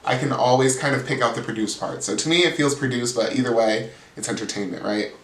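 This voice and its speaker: A man's voice: mid-range voice, quick pace. Chatty gossipy man recapping. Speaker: reality TV reviewer, channel host. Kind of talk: casual recap chat. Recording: roomy sound, distant mic.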